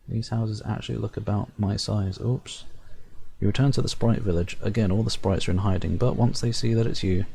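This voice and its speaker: A man with a gravelly, low-warmth voice reads a fantasy game's narration aloud. He drops dry, joking asides between the lines. A faint background noise runs under the recording. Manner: wry asides while reading narration aloud. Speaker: gamer playing a fantasy game. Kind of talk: let's-play commentary reading game text.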